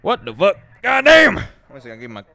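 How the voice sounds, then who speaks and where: A man streaming a game live, excitable and easily flustered, with plenty of swearing, close on a desk mic at home. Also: mid-range voice, quick pace. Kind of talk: live-stream gaming commentary.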